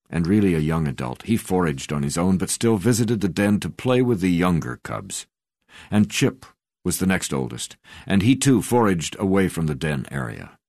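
A man reading a memoir aloud as an audiobook narrator, in a measured, unhurried way with soft drops in volume. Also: extremely low pitch, creaky, no echo, clean studio sound.

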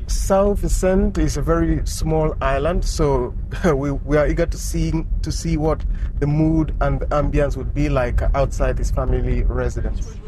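A man reporting on location from a vehicle, eager and slightly halting. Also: fairly high pitch, steady tone. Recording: noisy field recording from a car.

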